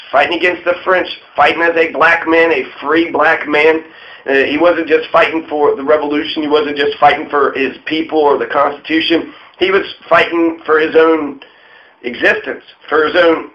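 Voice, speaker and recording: A man's voice: a little high, muffled recording. Casual, digressive man telling history. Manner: digressive, profane, conversational. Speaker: history talk host.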